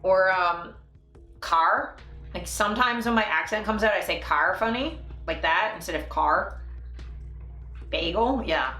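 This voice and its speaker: A woman's voice: mid-range voice, measured pace, long pauses, pushed and bright, echoey room, soft background music. A Canadian woman streaming a casual live chat, talking freely with frequent laughs and fillers. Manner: chatty, laughing, trails off into fillers.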